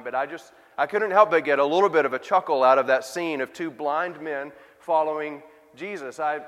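Male pastor, high pitch, conversational sermon delivery with rhetorical questions, long hall reverb. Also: fairly bright tone.

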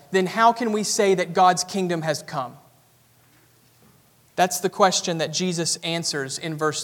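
A Southern man preaching a sermon in a high, ringing voice. He teaches earnestly and builds to more intensity as he goes. His voice carries with a long reverb through a church sanctuary. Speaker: pastor.

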